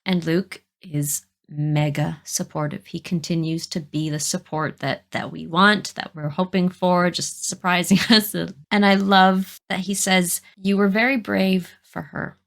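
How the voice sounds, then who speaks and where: A woman co-hosting a podcast, talking through characters' motives in an easy, reflective way. Her voice is somewhat low in pitch. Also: steady tone, measured pace, vocal fry, few pauses. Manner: reflective, thoughtful commentary on characters. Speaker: podcast co-host. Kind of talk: casual chat discussing a TV episode.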